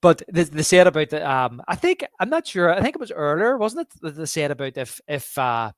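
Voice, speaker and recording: A man's voice: fairly high pitch, sing-song, brisk, dry recording, clean studio sound. A man co-hosting a podcast, chatting casually and animatedly, often acting out lines and laughing. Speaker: podcast co-host. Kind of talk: casual film chat.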